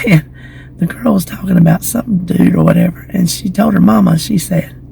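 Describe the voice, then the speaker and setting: Casual vlogger, woman, gravelly and a bit hoarse, chatty and gossipy, phone mic outdoors. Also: on the low side, normal speed, dark tone, a little hiss or hum, poor audio. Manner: chatty, gossipy storytelling with giggles. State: slightly hoarse from lingering illness. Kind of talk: casual chat to camera. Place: outdoors in the shade beside a building. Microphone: phone camera.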